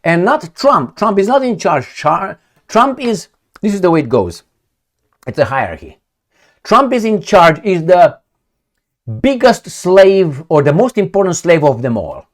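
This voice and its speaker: A man giving casual, blunt and sarcastic political commentary, reading headlines and mocking them. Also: a little high.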